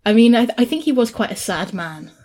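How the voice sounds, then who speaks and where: A woman's voice: on the high side, fairly quick. A woman hosting a casual chat, animatedly retelling a picture book. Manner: animated storyteller, chatty.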